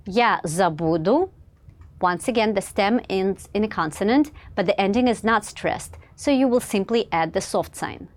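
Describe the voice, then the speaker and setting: A woman with a voice of middling pitch narrates a scripted grammar lesson. She speaks in a measured, clear way, pausing after each example word. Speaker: language teacher.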